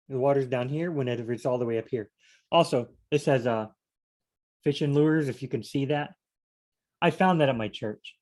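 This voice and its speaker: A man reading scripture aloud and commenting on it in a relaxed, chatty way, often wandering into asides and restarting his sentences. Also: medium pitch. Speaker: Bible study vlogger.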